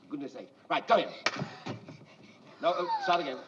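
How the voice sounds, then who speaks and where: A man's voice: on the high side, expressive, moderate pace. A middle-aged man, coaxing and calling out cues to actors as a film director on set, in a distant, dull, noisy archival recording.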